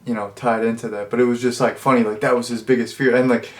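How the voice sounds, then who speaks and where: A man's voice: mid-range voice, little pitch movement, fast talker. A young man giving a casual, rambling movie review, full of fillers and restarts.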